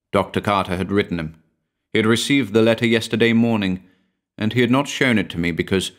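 A man voicing a cold, soft-spoken young woman's ghost who speaks in a hushed tone in a storybook reading. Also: low voice, close to an everyday voice. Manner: hushed, quiet.

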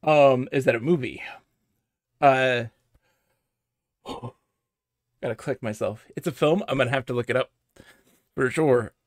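A man's voice: mid-range voice, unhurried, pauses often, dry recording, studio quality. A man streaming a video game at home, chatting casually in a giggly, rambling way and telling stories with animation. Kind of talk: casual live-stream chat.

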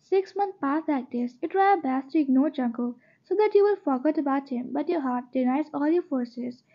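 A woman narrating a fan-fiction story in second person, reading in a plain, steady way with small slips. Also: sits high, normal speed. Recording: dull lo-fi home recording.

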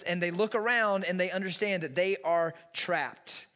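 A man's voice: high-pitched, fairly even intonation, moderate pace, hardly any pauses, fairly bright tone. A man pastor preaching a sermon in a church, retelling a story in a casual, storytelling way. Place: church sanctuary. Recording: long reverb in a large hall.

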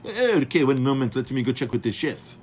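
A chef telling a story to his viewers in a casual, animated way, acting out the dialogue and calling his audience "folks". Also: medium pitch, brisk, slight background noise. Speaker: chef and speaker.

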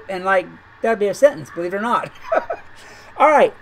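A woman's voice: medium pitch, huge pitch swings, moderate pace, slight background noise, rough recording. A woman making a chatty gaming video, talking in an incredulous, rambling way and often repeating her words. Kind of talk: chatty commentary over gameplay.

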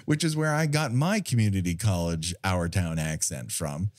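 A man's voice: low voice, moderate pace, no room sound, clean studio sound. A man co-hosting a podcast in casual film chat, joking and laughing often. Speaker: podcast co-host.

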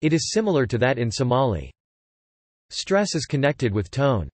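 A man's voice: mid-range voice, normal speed, dry recording. Dry synthetic male reading voice. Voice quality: flat, even machine reading. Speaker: text-to-speech reader. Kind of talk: synthetic encyclopedia narration. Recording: dry, close synthetic audio.

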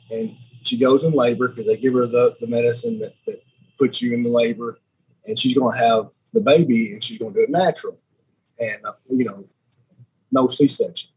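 A man in his 30s from Alabama, a sheriff's lieutenant, appears as a podcast guest and tells stories in a rambling, chatty way. His mid-range voice has a breathy edge, and he repeats words and laughs often. The recording is rough.

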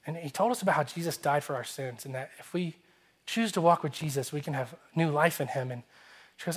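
A male pastor preaching a sermon, telling a lively story and acting out its dialogue before moving into an appeal. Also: on the high side, brisk, breathy edge. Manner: animated, acts out dialogue in his story. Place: church sanctuary.

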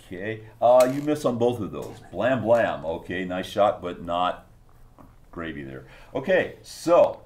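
A man narrating a tabletop game as game master, animated, with spoken sound effects. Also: deep voice, a little slow. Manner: animated, laughing often, sound effects like "blam".

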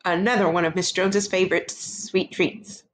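A woman teaching a first grade phonics lesson to young children, sounding out words slowly in a sing-song teacher voice. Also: on the low side, steady tone, a little hiss or hum.

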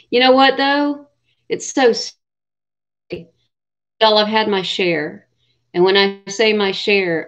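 A woman in her forties chatting casually on a livestream, greeting viewers by name, swearing freely and laughing often. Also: mid-range voice. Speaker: livestream host. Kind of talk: casual live chat with viewers. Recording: dull lo-fi livestream audio.

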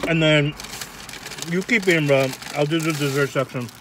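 A man's voice: a little high, normal speed, noisy background. A man from Rhode Island hosting a food vlog, chatting casually over a meal and talking to viewers. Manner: chatty, addresses viewers as guys.

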